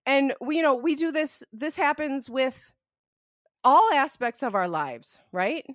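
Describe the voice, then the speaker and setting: A woman's voice: high-pitched, measured pace, no echo, clean studio sound. A young woman co-hosting a casual podcast, telling stories in a chatty way with lots of fillers. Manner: chatty, lots of "like", animated storytelling. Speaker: podcast co-host.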